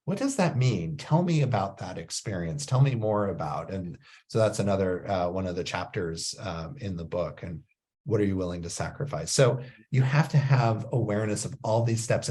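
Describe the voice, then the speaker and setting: Animated male guest, lowish voice. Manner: animated storytelling. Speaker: podcast guest. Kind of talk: casual interview talk.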